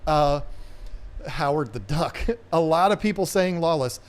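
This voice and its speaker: A man's voice: a little high, lively intonation, measured pace. A man hosts a live stream about fish tanks with a slightly raised voice. He talks casually and rambles playfully between topics, joking with viewers as he goes. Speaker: aquarium channel host.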